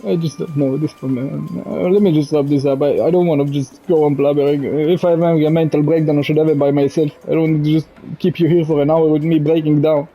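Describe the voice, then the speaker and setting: A young man from Israel, crying as he speaks straight to camera, halting and repeating himself, swearing as his voice breaks. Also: fairly high pitch, little pitch movement, warm tone, husky, soft background music. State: crying, choked up. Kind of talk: emotional direct-to-camera monologue. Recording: dull lo-fi recording.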